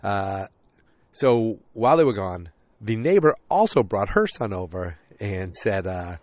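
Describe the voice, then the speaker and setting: A man hosting a podcast, casually recapping a TV episode and acting out characters' lines in quick put-on voices. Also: on the low side, sing-song, darkish tone, no room sound. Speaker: podcast host.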